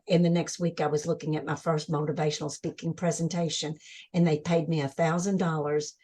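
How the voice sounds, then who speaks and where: A woman speaking as a webinar guest, telling her spiritual experiences with excited energy, restarting sentences as her thoughts rush ahead. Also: deep voice, brisk. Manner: enthusiastic, spiritual, talks in bursts with restarts. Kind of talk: excited personal storytelling.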